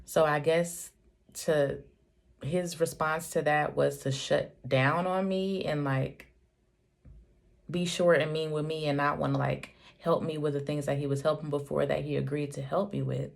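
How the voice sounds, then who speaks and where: A woman in her thirties with a deep, low-pitched voice tells a storytime vlog. She talks in a heated, emphatic way, cursing freely as she vents. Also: fairly even intonation, measured pace, creaky. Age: 30s. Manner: heated, profane, emphatic ranting. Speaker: vlogger, single mother.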